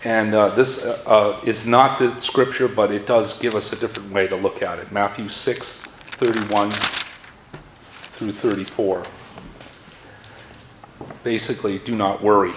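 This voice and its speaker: A man's voice: lowish voice, measured pace, long pauses. Earnest preacher man, roomy echo. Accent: Massachusetts. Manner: earnest, rises in force when reading scripture aloud. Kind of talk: sermon.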